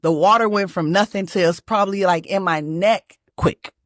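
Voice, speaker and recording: Animated Texan woman telling a story. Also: lowish voice, moderate pace, no room sound, studio quality. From Texas. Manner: animated, emphatic, lots of restarts and fillers. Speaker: manifestation channel host. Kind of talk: casual personal storytelling.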